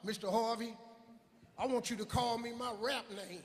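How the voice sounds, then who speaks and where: A man's voice: very high-pitched, fairly even intonation, normal speed. A man voicing an earnest, nervous young male would-be rapper in his twenties during a stand-up routine, in a hall with faint crowd noise. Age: 20s.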